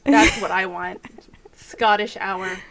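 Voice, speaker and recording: A woman co-hosting a podcast in casual chat, blunt and quick to giggle. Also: medium pitch, animated, fairly bright tone. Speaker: podcast co-host.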